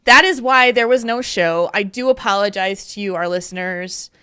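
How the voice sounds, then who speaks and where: Bright-voiced woman hosting a podcast. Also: medium pitch, moderate pace, smooth, dry recording, studio quality. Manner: open and candid, laughing often. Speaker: podcast host. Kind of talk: casual podcast chat.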